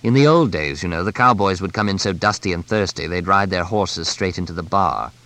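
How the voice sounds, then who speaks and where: A man's voice: low voice, fairly quick, fairly bright tone. A man voicing a jovial, breezy middle-aged bush pilot who has settled in Kenya, in an audiobook. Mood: amused. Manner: chuckling, breezy, expansive.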